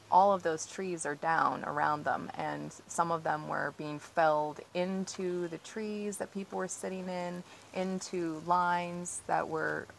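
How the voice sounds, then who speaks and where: A woman's voice: low voice, gravelly, a little hiss or hum, poor audio. A woman recounting events as an interviewee outdoors, earnest and agitated, with many fillers. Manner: earnest, agitated, frequent "like" and "you know". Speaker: interviewee, tree-sit protester. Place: outdoors on her property near trees.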